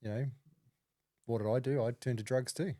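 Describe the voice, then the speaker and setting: A man, a podcast host asking gentle, supportive follow-up questions. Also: medium pitch, steady tone, normal speed, no echo, clean studio sound. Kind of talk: casual interview chat.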